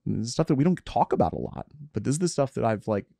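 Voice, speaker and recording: A man's voice: medium pitch, expressive, quick pace, creaky, dark tone, no echo. A middle-aged man in reflective conversation, earnest and self-searching, often trailing off and restarting his sentences.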